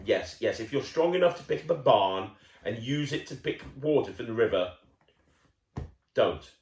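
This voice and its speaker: A man's voice: mid-range voice, animated, moderate pace, darkish tone, reverberant. A man reading a children's picture book aloud, playful and chatty, breaking off to talk with the child listening. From United Kingdom. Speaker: children's storyteller.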